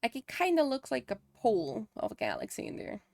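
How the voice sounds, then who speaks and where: A woman's voice: on the high side, wildly swooping pitch, brisk, creaky, darkish tone, no echo, clean studio sound. A woman streamer chatting casually to herself as she works on a drawing. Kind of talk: casual chat while drawing.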